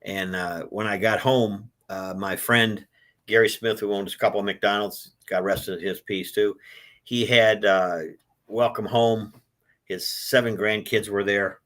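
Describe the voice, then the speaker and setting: A man in his sixties, a book author, telling his life story in an interview, with an animated delivery that swells when he is moved. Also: fairly low pitch, a little slow. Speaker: author guest.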